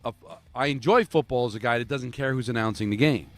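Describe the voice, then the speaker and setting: A man's voice: medium pitch, fast, soft background music. A man co-hosting a sports radio show, blunt and opinionated as he argues a point.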